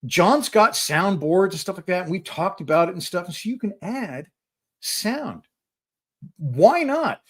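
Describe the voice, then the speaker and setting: A middle-aged man hosting a live Q&A from his hobby workspace, talking in an excitable, rambling way and often repeating words as he starts a sentence. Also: high-pitched, unhurried. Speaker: host. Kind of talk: live-stream Q&A chat.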